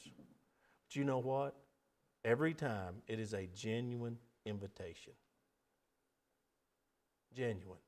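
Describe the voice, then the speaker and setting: A middle-aged man preaching a sermon, earnest, building to emphatic appeals and dropping to soft pleas. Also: medium pitch.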